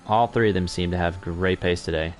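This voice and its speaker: A man's voice: sits low, steady tone, a little fast, dull audio, soft background music. A young man commentating an online racing league in a chatty, self-correcting way that picks up during on-track battles. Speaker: race commentator.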